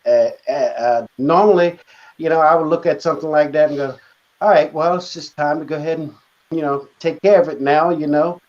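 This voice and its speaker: A man's voice: a little high, fairly quick, darkish tone, muffled recording. A man being interviewed about his heart attack recovery, speaking hesitantly and reflectively, with many filler words. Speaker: guest author. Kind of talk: conversational interview.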